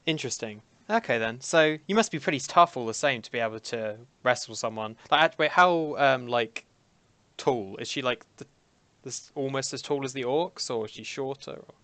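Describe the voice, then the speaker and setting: A man playing a tabletop game who asks things in a halting, questioning way. His voice is smooth and clean. The recording is dry and close. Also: mid-range voice, bright, forceful tone, dry recording. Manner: hesitant, questioning. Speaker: player.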